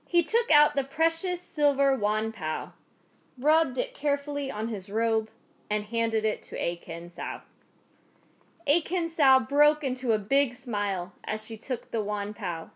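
A woman narrating a folk tale in a measured, expressive storytelling manner. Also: fairly high pitch.

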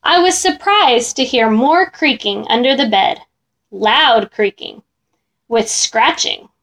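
Animated woman reading a children's story. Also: on the high side, takes it slowly. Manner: expressive, animated.

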